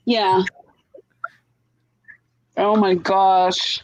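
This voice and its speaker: A woman in casual chat, talkative and laughing easily, with quick short replies. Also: mid-range voice, expressive, darkish tone, no room sound, highs cut off. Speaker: co-host.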